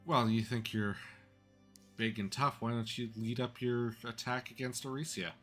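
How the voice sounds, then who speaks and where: A man's voice: medium pitch, steady tone, moderate pace, soft background music. A man playing a tabletop game who laughs often. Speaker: player. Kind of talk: casual tabletop game play.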